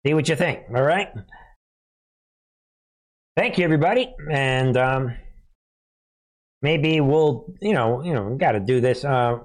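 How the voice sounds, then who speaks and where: A man's voice: medium pitch, unhurried, pauses often. A man hosting a casual political commentary show, sarcastic and laughing often as he reacts to headlines. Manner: sarcastic, laughs often, mocking put-on voices.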